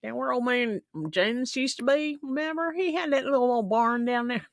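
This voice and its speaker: In a clean studio recording with no echo, a woman uses a slightly high voice at normal speed, pitched above her own but close to an everyday voice. She's playing a folksy rural old-timer who spins yarns in a chatty drawl.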